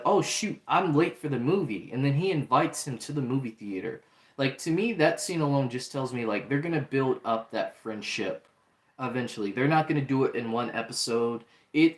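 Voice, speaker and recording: A man reviewing a show in casual talk, chatty, with many fillers and restarts. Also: medium pitch. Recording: roomy echo.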